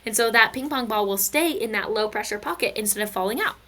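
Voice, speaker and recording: Bright-voiced playful physics teacher woman. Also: a little high, quick pace. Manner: chatty, playful storytelling with silly asides. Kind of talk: recorded video lesson.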